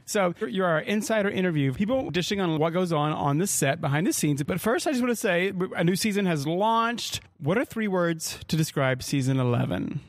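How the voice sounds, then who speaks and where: A man's voice: high-pitched, lively intonation, fairly quick, hardly any pauses, no room sound, clean studio sound. Chatty podcast host, man. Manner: chatty, laughs often, upbeat questions. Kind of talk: casual interview chat.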